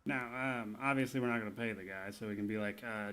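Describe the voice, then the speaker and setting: A man giving casual let's-play commentary on a game, explaining choices in a relaxed way with plenty of ums and uhs. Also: lowish voice, fast, smooth. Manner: relaxed, explanatory, with many fillers. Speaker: gaming streamer.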